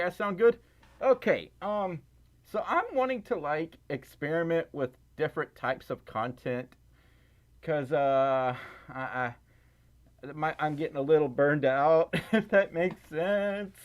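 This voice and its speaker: A man hosting a casual livestream, rambling and self-deprecating while fiddling with his audio. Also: a little high. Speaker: livestream host.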